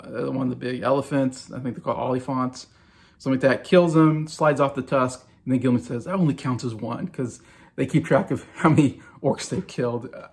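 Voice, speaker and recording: Man, 40s, movie vlogger, gravelly, mid-pitched, excited, rambling, lots of fillers. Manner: enthusiastic, rambling with fillers and restarts. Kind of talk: casual movie ranking vlog.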